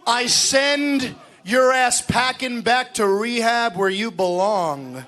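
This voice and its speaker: A young man cutting a wrestling promo in a large arena on a handheld mic, taunting and shouting mocking insults at his rival. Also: very high voice, slow pace, hardly any pauses.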